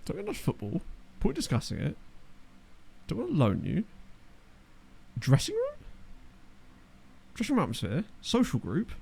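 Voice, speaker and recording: A man's voice: on the high side, wildly swooping pitch, fairly quick, vocal fry, pauses often, a little mellow, slight background noise. A young man chatting casually while streaming a football management game, with wry asides and replies to chat. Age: young adult. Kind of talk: casual live-stream commentary. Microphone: desk microphone.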